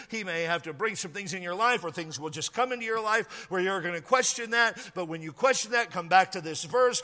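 A middle-aged male pastor preaching a sermon, emphatic, repeating key phrases and slowing down to stress them. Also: sits high, pushed and bright, big-room sound.

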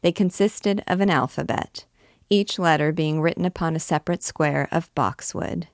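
A woman reading a classic novel aloud in a measured, expressive storytelling manner. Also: low voice, creaky, no echo, clean studio sound. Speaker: reader.

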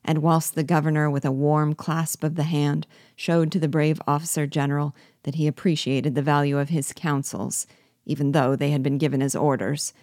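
A woman reading a classic novel aloud in a measured, even storytelling manner. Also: low-pitched, dry recording, studio quality. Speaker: narrator.

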